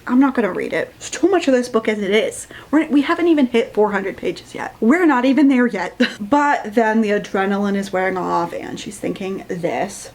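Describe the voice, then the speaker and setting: A woman's voice: mid-range voice, expressive, normal speed, few pauses, a little mellow. Young woman, mid-range voice, sarcastic book-rant host. She swears freely, laughs at the story and mocks the characters. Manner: sarcastic, profane, often laughing. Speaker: book reviewer. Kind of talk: casual rant review.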